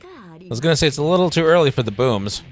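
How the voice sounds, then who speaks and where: A man's voice: on the high side, animated, fast. A man joining a live let's play as co-commentator, making wry jokes and offering strong opinions. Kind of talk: casual banter over gameplay. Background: faint game music.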